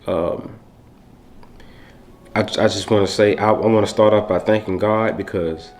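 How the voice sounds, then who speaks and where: A man's voice: lowish voice, steady tone, measured pace, darkish tone, slight background noise. A young man vlogging to camera in a heartfelt, rambling way, speaking. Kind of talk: casual talk to camera.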